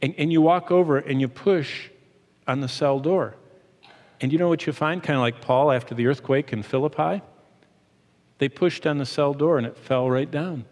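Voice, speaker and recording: A middle-aged man preaching a sermon as pastor, animated, shifting his pace and emphasis as he teaches. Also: a little high, normal speed. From Michigan, USA. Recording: long hall reverb.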